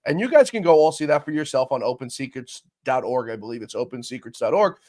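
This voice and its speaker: A man's voice: mid-range voice, fast. A man hosting a political show, giving opinionated commentary and talking straight to his viewers. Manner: animated, swings loud and soft, addresses viewers directly. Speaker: show host.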